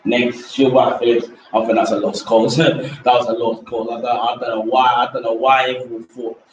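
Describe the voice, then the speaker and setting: A man's voice: medium pitch, level tone, moderate pace, lo-fi sound, a little hiss or hum. A man hosting a casual football rant, rambling, repeating himself and dismissing players in slang. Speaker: host. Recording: echoey room from far off mic.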